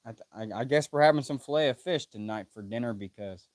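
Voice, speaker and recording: A man's voice: medium pitch, fast talker, a little mellow, no room sound, studio quality. A man live-streaming his reaction to a manga chapter, reading panels aloud, correcting himself and swearing casually.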